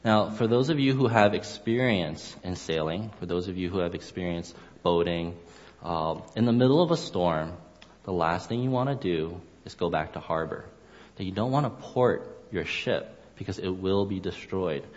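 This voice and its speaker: A man's voice: deep voice, expressive, moderate pace, a little mellow. A man preaching a sermon, explaining Hebrew wording and acting out the characters' lines. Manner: expository, explains Hebrew words, acts out dialogue. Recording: lo-fi with long hall reverb.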